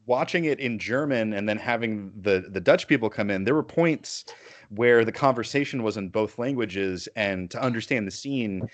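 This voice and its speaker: Male podcast host, lowish voice, rambling and self-correcting. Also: moderate pace. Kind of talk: casual chat.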